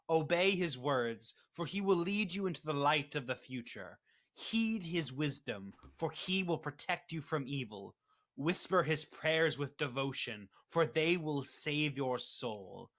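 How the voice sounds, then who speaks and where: A man voicing a zealous believer who recites a devout creed in a solemn, measured way over a video call. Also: fairly high pitch, expressive, fairly bright tone.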